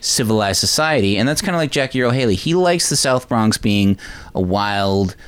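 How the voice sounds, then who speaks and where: Man, podcast host, casual movie recap, rambling, smooth clear voice. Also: lowish voice, expressive, moderate pace, a bit bright. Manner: rambling, lots of "like" and "um".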